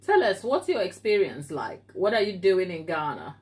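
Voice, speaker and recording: A lowish, slightly mellow and very animated voice belongs to an African woman hosting a live baking stream at home in her kitchen. At normal speed, she chats casually through viewer comments, teasing people by name.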